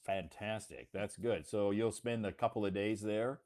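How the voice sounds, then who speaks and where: An American man hosting a casual chat, talking in a friendly, slow way and repeating things back to make them clear. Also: lowish voice, a little mellow. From United States. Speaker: host.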